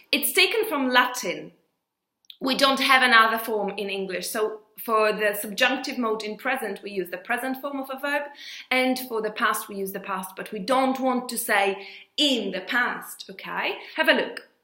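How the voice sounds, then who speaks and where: Woman teacher, very animated and high, echoey room. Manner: lively, animated, stretches example phrases slowly. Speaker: English teacher. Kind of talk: audio English lesson.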